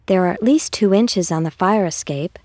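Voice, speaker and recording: A woman voicing an excited young girl calling to her brother in a storybook reading. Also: mid-range voice, normal speed, dry recording, close to an everyday voice.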